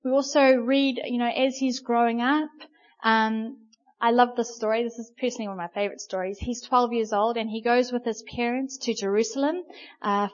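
A woman preacher delivers a sermon as a lively, chatty storyteller, often pausing on little fillers. Her voice sits fairly high, and the recording is muffled and lo-fi.

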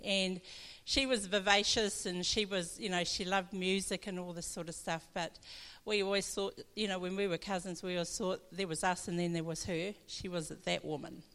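A woman's voice: fairly low pitch, fairly even intonation, moderate pace, few pauses, a bit bright. New woman pastor in a reverberant hall. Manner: chatty storytelling, laughs often. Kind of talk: personal testimony in church. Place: church hall.

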